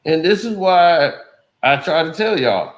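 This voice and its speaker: A man's voice: fairly high pitch, expressive, unhurried. A man hosting a commentary show, talking in loose, rambling street slang. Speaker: commentary channel host. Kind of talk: casual commentary. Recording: roomy echo.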